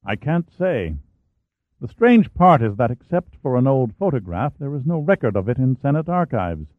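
A man's voice: mid-range voice, very animated, normal speed, dry recording, pitched above the performer's own voice, lightly acted. A man voicing a friendly, chatty American historian. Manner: genial, chatty. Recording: dry, tinny phone-like sound.

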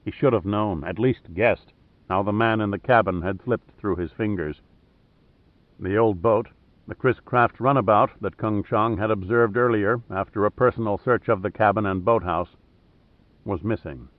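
Low-voiced man narrating a thriller. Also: normal speed, no echo. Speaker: audiobook narrator. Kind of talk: scripted narration. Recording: dry, tinny phone-like sound.

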